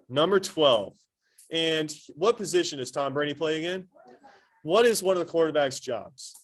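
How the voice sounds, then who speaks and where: A man's voice: a little high, a bit bright. Man quizzing a classroom as teacher. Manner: quizzing, rhetorical questions, playful analogies. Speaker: high school anatomy teacher. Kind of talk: classroom lecture with questions to students.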